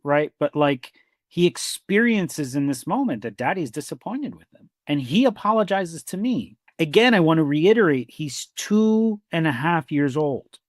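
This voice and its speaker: A man's voice: fairly high pitch, no echo, clean studio sound. A man who works as a therapist, co-hosting a conversational podcast in a reflective storytelling way, acting out quoted dialogue and often saying "you know" and "like.".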